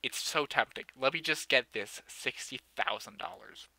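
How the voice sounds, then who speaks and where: A young man provides casual let's-play commentary while building a city in a game, joking sarcastically, mocking himself, and often laughing. His mid-range voice is gravelly and bright with a forceful tone, at a moderate pace.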